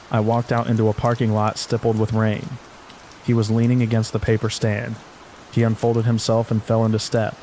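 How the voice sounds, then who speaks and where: A man with a lowish voice reads a quiet horror story for sleep, soft-spoken and unhurried. His delivery stays flat and even, barely rising or falling. Faint steady rain sits underneath. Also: a little hiss or hum, rough recording. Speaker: narrator. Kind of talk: calm scripted horror narration for sleep.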